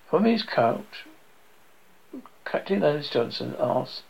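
A man's voice: mid-range voice, lively intonation, normal speed, gravelly. A man dramatically reading a horror novel aloud, in a dull lo-fi recording. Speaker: narrator. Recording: dull lo-fi audio.

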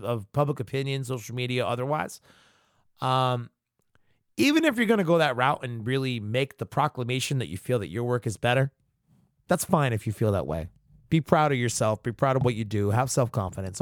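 Male podcast host, profane ranting commentary, lively swinging pitch. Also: no room sound, clean studio sound. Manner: animated, swearing, mock-outraged.

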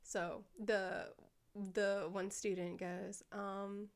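A young elementary school teacher tells classroom stories in a casual chat, giggling often and animatedly quoting the kids. Her voice is medium-pitched and smooth at a slow pace.

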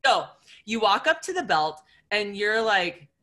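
A woman's voice: mid-range voice, sing-song, unhurried, fairly bright tone, slight background noise. A woman nutrition coach talking through a vivid everyday scenario, acting out quoted inner voices as she goes. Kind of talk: animated storytelling talk.

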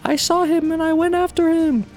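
A man voicing a frantic talking pet bat in a high squeaky voice. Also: level tone, moderate pace, darkish tone, soft background music, low-quality recording. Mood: alarmed.

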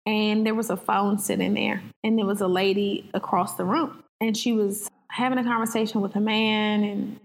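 A woman's voice: mid-range voice, moderate pace, vocal fry, few pauses, big-room sound, poor audio. A woman guest on a podcast, telling stories animatedly and acting out the dialogue. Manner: animated storyteller, acts out quoted dialogue. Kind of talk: conversational podcast talk.

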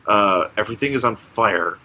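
A man co-hosting a comic book podcast, chatting casually in a rambling, halting, joking way. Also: lowish voice, sharp tone. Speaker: podcast co-host. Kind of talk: casual chat.

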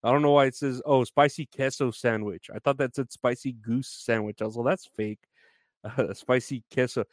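A man's voice: medium pitch, fairly even intonation, moderate pace, no room sound. A man hosting a casual solo podcast, rambling loosely with many fillers and frequent laughs. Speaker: podcast host.

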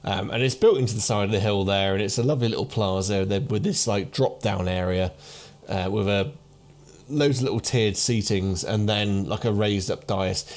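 A man's voice: lowish voice, normal speed, a little mellow. A man in his thirties narrating as game master for a tabletop game, rambling with many restarts. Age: 30s.

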